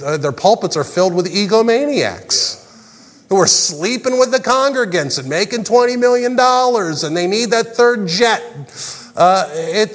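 A man's voice: sits high, fairly bright tone, in a large hall. A male pastor preaching a sermon in an earnest way, often repeating words as he presses a point.

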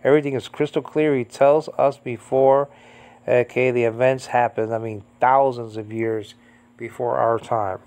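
Steady in tone and a little mellow, this man in his fifties from Puerto Rico talks through a Bible lesson informally at a normal speed. He rambles, says "I mean, you know" often, and jumps high in pitch to stress key points.

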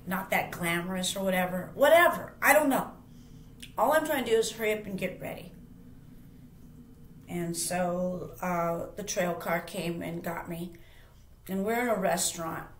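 A woman's voice: lowish voice, moderate pace, a little hiss or hum. A woman host telling a personal story casually, emphatic and rambling, with frequent restarts and repeats. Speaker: channel host. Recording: roomy echo.

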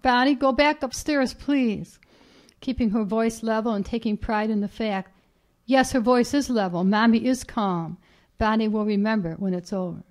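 A woman author reading her own short story aloud in a measured, even way at a reading event. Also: a little high. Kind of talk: literary reading. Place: reading event at a writers' house.

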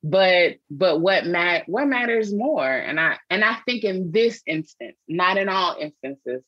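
A woman's voice: lowish voice, expressive, a little slow, husky, no room sound, muffled recording. A woman theologian being interviewed on a podcast, speaking earnestly and reflectively with frequent restarts. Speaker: guest, theologian and author.

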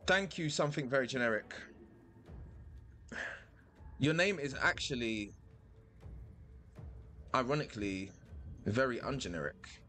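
A man giving playful, animated commentary while playing a video game, thinking aloud and repeating himself. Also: medium pitch, measured pace, pauses often, faint music behind. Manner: animated, playful, sudden loud outbursts. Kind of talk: live gameplay commentary.

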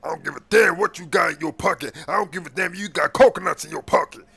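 A man's voice: high voice, fast talker, creaky, bright, forceful tone, slightly rough, heavily acted. A man playing a crooked male police officer after a bribe, talking in slangy street speech full of stammered fillers, in an improvised game role-play. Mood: scheming.

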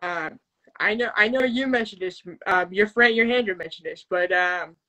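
A man voicing an earnest puppet friend, speaking haltingly with many restarts and getting emotional. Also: high-pitched, pushed and bright, poor audio. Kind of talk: live puppet show chat.

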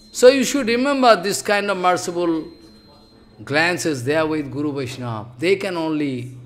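With a high voice, this man preaches a devotional message as a spiritual teacher. He speaks in hesitant, repeated phrases, punching certain words upward and then falling abruptly quiet.

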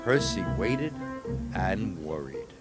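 A man narrating a storybook cartoon in a gentle, expressive, scripted way. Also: sits low, slow pace. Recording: narration over background music. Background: music.

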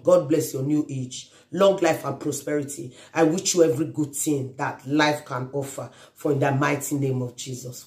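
Lively chanting woman, Nigerian accent. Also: deep voice, moderate pace, reverberant. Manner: sing-song chanting with call-and-response; mixes Pidgin and Igbo phrases, blessings and prayers. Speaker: vlogger. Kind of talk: birthday shout-out video.

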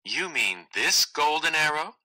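Guy doing a sly little girl frog, teasing and calm, higher bright voice. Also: measured pace, full character voice, poor audio. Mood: wry. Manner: wry, teasing, matter-of-fact. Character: clever little enchanted frog, female, wry and patient. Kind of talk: read-aloud play.

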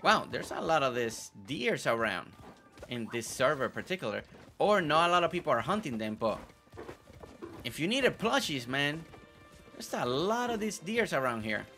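Chatty man with a bright voice. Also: on the high side, big pitch swings, moderate pace, soft background music. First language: not English. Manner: chatty, repeats words, stumbles over names. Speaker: gameplay video host. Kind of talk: casual gameplay commentary.

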